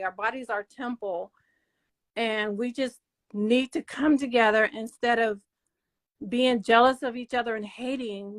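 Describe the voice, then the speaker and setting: Woman, channel host, emotional monologue, slow, halting, lots of fillers, slightly high voice. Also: fairly bright tone. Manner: halting, repetitive, many fillers.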